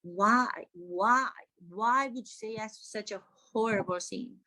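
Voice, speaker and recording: A woman's voice: mid-range voice, a little slow, sharp tone, low-quality recording. A woman acting coach giving satirical commentary to camera, emphatic, exasperated and sarcastic.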